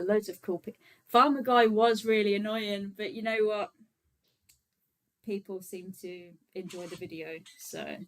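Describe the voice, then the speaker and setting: A woman talks casually to her livestream viewers, in a relaxed, rambling way with plenty of fillers. Her voice sits at a middle pitch, neither high nor low for a woman. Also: low-quality recording. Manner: chatty and relaxed, many fillers, frequent laughs. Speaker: vegan activist livestream host.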